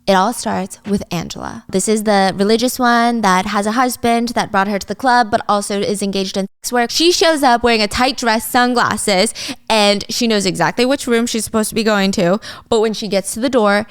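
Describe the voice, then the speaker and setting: A woman's voice: mid-range voice, moderate pace, clean tone, dry recording, clean studio sound. A woman in a casual, chatty recap of a drama plot. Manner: chatty, animated.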